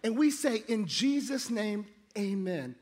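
A middle-aged pastor whose voice sits high speaks a little slowly in a large hall, with a slight hiss or hum. His sermon is animated and jokey, full of funny stories where he acts out each person.

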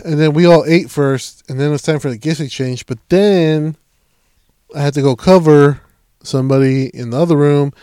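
A man's voice: on the high side, steady tone, normal speed, warm tone, smooth, no room sound, clean studio sound. A man telling a work story in casual chat, swearing a lot and acting out his coworkers' lines.

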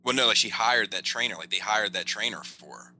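A man co-hosting a podcast in casual movie chat, talking fast with lots of stammered restarts. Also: fairly low pitch, pushed and bright. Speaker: podcast co-host.

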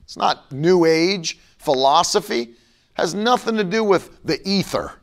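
Preaching a broadcast sermon and leading a prayer, a middle-aged man speaks in a high, expressive, creaky voice at a measured pace. His delivery is fervent and forceful, and at times he ridicules his critics.

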